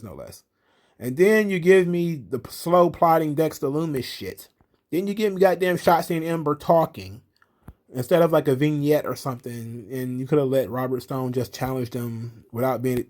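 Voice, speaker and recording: A man's voice: medium pitch, darkish tone. A man giving a casual, sarcastic recap of a wrestling show, swearing often and speaking bluntly. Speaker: wrestling commentary host.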